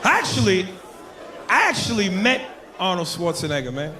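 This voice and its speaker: A man doing stand-up comedy, loud and animated, often shouting. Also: a little high, quick pace. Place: comedy club stage. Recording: echoey club with crowd noise.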